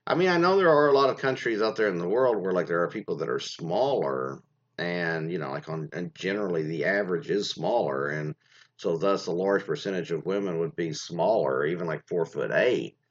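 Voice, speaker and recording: Low-voiced male host, casual rambling chat, lots of fillers, lively pitch, dull lo-fi recording. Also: a little fast. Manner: rambling, many fillers and restarts. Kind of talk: casual commentary on reader stories. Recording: dull lo-fi sound.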